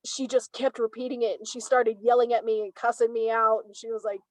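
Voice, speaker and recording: A young woman from Savannah, a guest in a casual conversation, animated as she tells stories and acts out what others said. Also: a little high, normal speed, dry recording, low-quality recording. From Savannah, Georgia, US. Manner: animated storyteller, acts out quoted speech.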